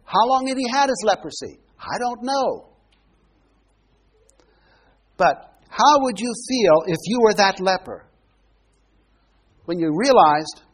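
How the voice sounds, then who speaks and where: A man's voice: high-pitched, husky. A man preaching a sermon in a conversational teaching manner, often asking his listeners questions.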